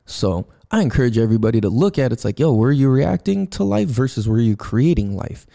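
A male podcast host talking in a casual, loose monologue with plenty of swearing and restarts. His voice is dark and mellow, and he acts out noises and his own reactions when he tells a story. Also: medium pitch, fast, gravelly. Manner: loose and profane, with lots of fillers and restarts; animated storytelling, acts out sounds and his own quoted thoughts.

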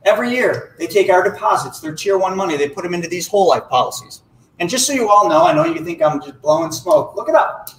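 A man with a fairly high voice explains finance to an audience. He is animated and acts out short dialogues as he goes. The room is echoey, with faint noise behind him. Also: fast. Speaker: financial educator.

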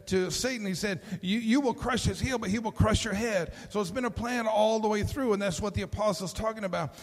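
High-voiced pastor preaching in a hall. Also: male voice. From Texas. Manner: animated storytelling, acts out voices, repeats words when starting sentences. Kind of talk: sermon.

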